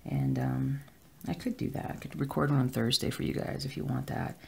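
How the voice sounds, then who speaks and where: Cross-stitch vlogger, casual and rambling, heavy vocal fry, mid pitch, at home. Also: fairly even intonation, fairly quick, warm tone. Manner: rambling, with filler words. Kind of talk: casual chat while stitching.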